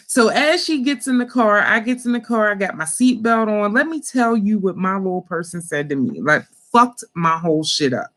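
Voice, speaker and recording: A woman hosting an online talk, telling a family story in a casual, animated, profane way with slangy speech and frequent laughter. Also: mid-range voice, normal speed, few pauses. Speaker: host.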